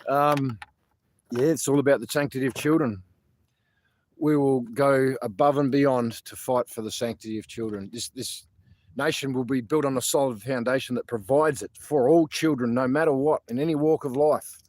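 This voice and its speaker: A man's voice: mid-range voice, fairly even intonation, moderate pace, a little mellow. A man with an Australian accent hosting a casual outdoor livestream, rambling and swearing freely between laughs. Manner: rambling, profane, chatty, laughs often. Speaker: protest livestream host. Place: outdoors at a protest site.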